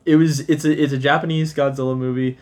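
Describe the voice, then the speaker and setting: A man's voice: a little high, level tone, quick pace, darkish tone. A man in his thirties, a podcast co-host, rambling through a casual chat and laughing often. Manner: rambling, laughs often, does goofy voices when retelling scenes.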